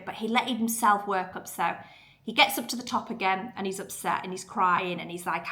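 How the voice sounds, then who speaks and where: Bright-voiced chatty woman. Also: mid-range voice, fairly even intonation, moderate pace. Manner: chatty, earnest, lots of fillers. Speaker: podcast host. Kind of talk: casual motivational talk.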